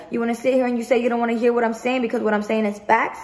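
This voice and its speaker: A woman's voice: on the high side, flat delivery, fast, darkish tone. A woman vlogger in a heated storytime rant to camera, swearing often and repeating herself for emphasis. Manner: profane, emphatic, repetitive venting.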